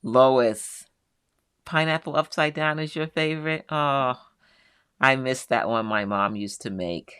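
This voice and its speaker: A woman's voice: rumbling low, a little slow, fairly bright tone, clean tone, no room sound, clean studio sound. A middle-aged woman hosting a live quilting show, chatting casually as she reads out viewers' comments and answers them one by one.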